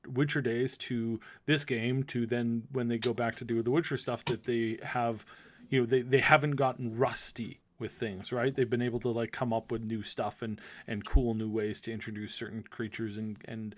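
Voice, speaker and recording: Guy cohosting a podcast, middle pitch, lots of ums and restarts. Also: flat delivery, normal speed. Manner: rambling, many restarts and fillers. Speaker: podcast co-host. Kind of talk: casual podcast chat.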